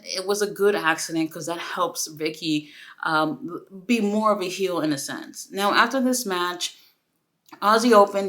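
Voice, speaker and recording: A young woman with a lowish voice gives a casual solo review of a wrestling show. She's excitable and chatty, full of asides.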